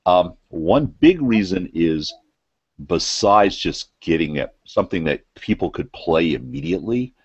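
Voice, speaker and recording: Super deep husky guy explaining game design, dry muffled call audio. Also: lively intonation, unhurried, no echo. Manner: joking, explanatory. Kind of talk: casual interview talk.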